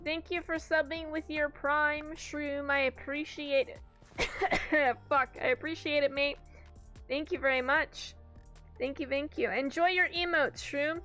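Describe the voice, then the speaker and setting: A woman's voice: high-pitched, steady tone, a little slow, fairly bright tone. A young woman streaming a game, chatting casually, swearing freely and laughing between rambling stories. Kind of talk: casual chat while gaming. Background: faint background music.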